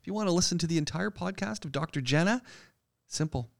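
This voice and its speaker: A man hosting a podcast in casual chat, chatty and quick to laugh. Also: on the high side, lively intonation, vocal fry, no echo. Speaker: podcast host.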